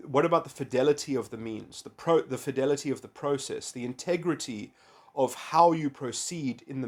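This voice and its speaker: Male essayist, mid-pitched, meandering, stop-start delivery full of restarts. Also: darkish tone. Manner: halting, full of restarts and "you know". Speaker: video essayist. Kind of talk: rambling philosophical monologue.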